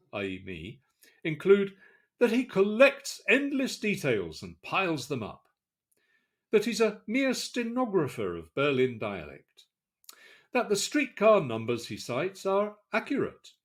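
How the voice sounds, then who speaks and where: A man's voice: fairly high pitch, wildly swooping pitch, unhurried. A man reading as a sardonic novelist. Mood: scornful. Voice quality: scornful, sarcastic delivery. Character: sardonic middle-aged male novelist mocking critics. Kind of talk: dramatic reading.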